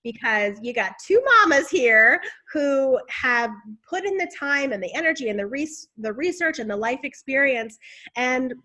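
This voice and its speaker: A woman speaking as an interview guest, her voice sitting a little high and full of animated expression. She chats casually and openly, leaning into her points with energy. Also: normal speed.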